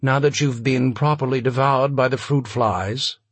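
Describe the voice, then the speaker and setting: A man's voice: medium pitch, steady tone, unhurried, breathy edge, no echo. A man voicing an affected, sardonic older male novelist with a mid-Atlantic accent and an arch, drawling delivery.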